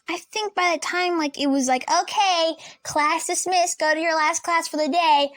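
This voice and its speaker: Young woman, high voice, animated storytime vlogger, dry close recording. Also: no echo. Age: young adult. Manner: animated, acts out classmates and teachers. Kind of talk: casual storytime. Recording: dry close room, faint lamp buzz.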